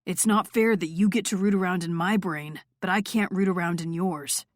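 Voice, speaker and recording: A woman voicing a brooding, sarcastic male rock star with a gruff, scoffing manner in an audiobook. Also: on the low side, fairly even intonation, moderate pace, no echo, clean studio sound, close to an everyday voice. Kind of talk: audiobook character voice.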